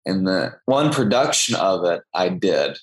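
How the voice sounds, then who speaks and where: Low-voiced young man from Texas. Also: very animated, measured pace, rough recording. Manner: chatty, self-deprecating, with small restarts. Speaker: guest actor. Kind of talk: casual interview storytelling.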